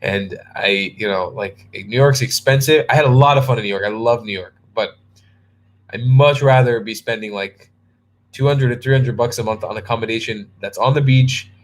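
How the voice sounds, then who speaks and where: Tired young dude rambling on a livestream, answering chat, lots of restarts. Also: male voice, medium pitch, moderate pace. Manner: rambling, restarts a lot, reads viewer comments aloud. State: tired and yawning. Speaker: travel vlogger answering live chat. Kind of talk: casual live-stream chat.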